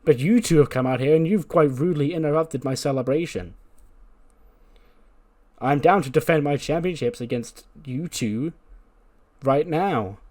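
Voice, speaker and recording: A man's voice: on the high side, normal speed, pauses often, dark tone, natural voice. A man voicing an arrogant female wrestling champion who rants scornfully at a rival. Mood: haughty. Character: haughty female wrestling champion, boastful and dismissive.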